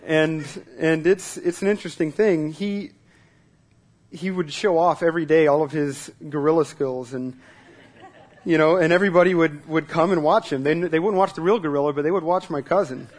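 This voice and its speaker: A man preaching a sermon in a relaxed, conversational way at a church service, repeating words as he starts sentences and asking the congregation questions. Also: on the high side, normal speed. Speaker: pastor.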